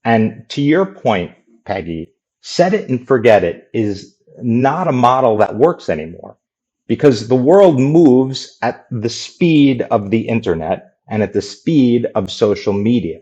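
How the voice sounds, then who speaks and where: A man speaking as a guest on an interview podcast, answering in a measured, businesslike way. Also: medium pitch, big pitch swings, warm tone, slightly rough, lo-fi sound.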